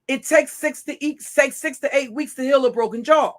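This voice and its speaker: High, sharp-voiced woman ranting profanely. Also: fairly even intonation, moderate pace, few pauses. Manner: profane, confrontational, taunting. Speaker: livestream host. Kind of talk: ranting livestream monologue.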